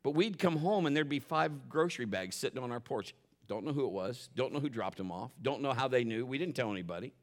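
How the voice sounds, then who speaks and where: A middle-aged male pastor preaching a sermon, telling a story emphatically, with swings from loud exclaims to hushed asides. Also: mid-range voice, lively intonation, fast talker.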